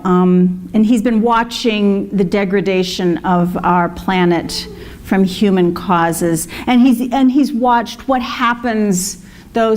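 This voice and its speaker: A woman's voice: mid-range voice, darkish tone. A woman minister giving a conversational sermon, with fillers and asides to the congregation. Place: congregation hall.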